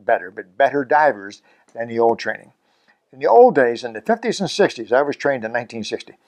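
A Canadian scuba instructor in his seventies hosts his own channel, talking casually to the camera with a chatty, self-mocking manner and chuckles between points. His mid-range voice is brisk and sing-song, with a slightly mellow quality.

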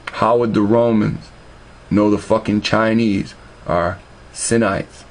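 A man's voice: lowish voice, steady tone, takes it slowly. A man telling a long, loose story in casual, profane everyday talk, full of restarts and asides.

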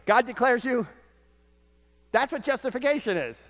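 A man preaching a sermon as pastor to his congregation, animated, his voice swinging from loud peaks to quiet lows. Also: moderate pace. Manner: animated preaching, voice rising and dropping sharply. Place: church sanctuary. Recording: church sanctuary with long reverb.

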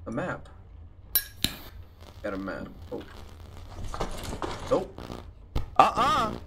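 A man's voice: medium pitch, big pitch swings, moderate pace, background noise. Jumpy, swearing man playing a horror game. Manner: jumpy, swearing, talks to himself while playing. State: scared and tense. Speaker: gaming YouTuber. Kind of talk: horror gameplay commentary.

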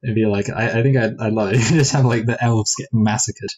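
A man's voice: on the low side, steady tone, a little fast, a little mellow, a little hiss or hum, rough recording. A man co-hosting a film review chat, rambling and hesitant, with many restarts and playful speculative asides. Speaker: film review podcast co-host.

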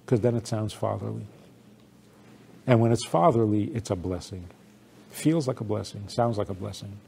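A man's voice: fairly low pitch, fairly even intonation, normal speed, creaky, mellow, slight background noise. An older man, a rabbi, giving a sermon-style talk with stories, acting out quoted voices and laughing along.

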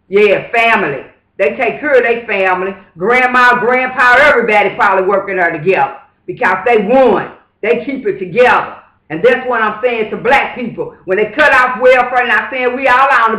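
A man's voice: very high voice, normal speed, bright, forceful tone. A man talking straight to camera in a casual, preachy vlog monologue, emphatic and fervent, with repeated rhetorical asides. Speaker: vlogger. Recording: roomy echo.

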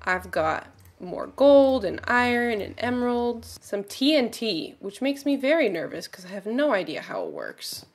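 A woman giving casual commentary while playing a video game, excitable and gasping, often dropping to quiet murmurs. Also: fairly high pitch, unhurried, few pauses. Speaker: gaming streamer.

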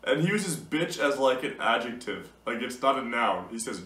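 A young man talks casually about gaming, amused and disbelieving, often breaking into laughter. His voice sits at an ordinary middle pitch. It sounds roomy and a little distant, as if the mic is set back across the room. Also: unhurried, pushed and bright. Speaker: gaming YouTuber. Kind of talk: casual commentary reading out messages.

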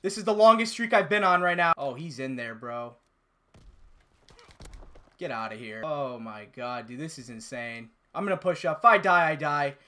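A young man giving excitable, swear-heavy live commentary over his own gameplay, often bursting into yells. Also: fairly high pitch, moderate pace. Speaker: gamer and channel host.

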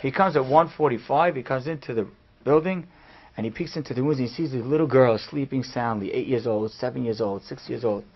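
A man, a rabbi giving a class, telling a story in an animated way that swings from hushed to loud. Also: mid-range voice, brisk. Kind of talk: storytelling lecture. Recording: dull lo-fi recording.

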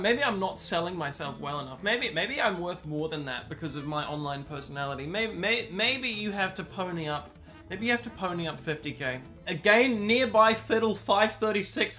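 A young woman with a New Zealand accent reacts to viewer messages on a live stream, swinging between mock outrage and dry, deadpan asides. Her voice is bright and forceful, and faint music plays behind her. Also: mid-range voice.

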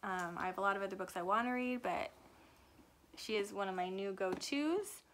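A woman's voice: mid-range voice, moderate pace, heavy background noise. A young adult woman and author giving a chatty, rambling book review that often corrects itself. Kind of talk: casual book review chat.

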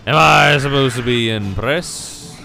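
A man casually commenting on his own gameplay, switching between excited yelps and shouts and muttered asides. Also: medium pitch, a little slow, creaky, music in the background. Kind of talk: casual let's play commentary.

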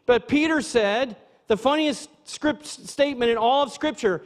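High-voiced pastor preaching in a reverberant church. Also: male voice, a little slow. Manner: conversational preaching, asides to the congregation. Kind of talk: sermon. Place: church sanctuary.

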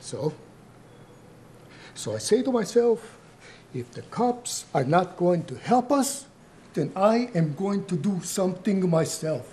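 A man playing an older Italian immigrant mob grandfather in a comedy sketch, speaking halting, broken English with an Italian accent and slipping into Italian. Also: medium pitch, lively intonation, mellow, a little hiss or hum. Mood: grave storytelling.

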